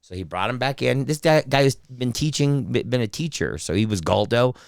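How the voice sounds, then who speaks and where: A man on a podcast as a guest voice actor, chatting casually and telling profane stories with quick impressions. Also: mid-range voice, expressive, vocal fry, clean tone, no echo, clean studio sound. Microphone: studio mic.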